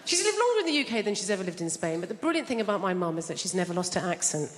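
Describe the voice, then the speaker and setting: A woman's voice: mid-range voice, very animated, rapid-fire. A woman from England doing a stand-up routine, chatty and self-deprecating, teasing the audience. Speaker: stand-up comedian. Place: large theatre stage. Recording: big theatre with long reverb and loud noise.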